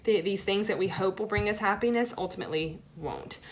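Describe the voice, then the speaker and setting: A woman's voice: medium pitch, brisk. Brief: young adult woman, live video coach, friendly and chatty, keeps checking in with her audience. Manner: chatty, encouraging, asks "right?" often. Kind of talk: live-streamed coaching talk.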